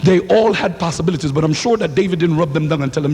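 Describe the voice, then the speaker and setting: A man preaching a sermon in a church, swinging into shouted lines and calling for responses from the congregation. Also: high voice, expressive, fast talker, few pauses. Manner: fiery, rising to shouts, call-and-response. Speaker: pastor. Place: church sanctuary. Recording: hall reverb, faint hum.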